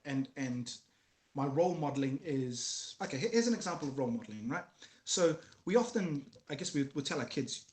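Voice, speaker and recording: A man in an echoey room, talking in an earnest, storytelling way about raising his kids. His voice sits at an ordinary middle pitch. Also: animated, fairly quick, a little mellow. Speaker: guest. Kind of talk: casual conversation about fatherhood.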